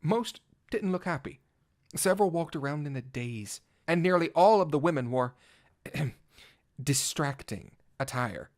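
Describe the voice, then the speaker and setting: A man's voice: on the high side, lively intonation, measured pace. A man voicing a vain, gallant male cat-knight bard in a fan audio drama, speaking in flowery, old-fashioned words and shifting from pompous to flustered. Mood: wry. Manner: theatrical, swinging from pompous to flustered. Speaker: narrator. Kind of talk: first-person fan audio drama reading.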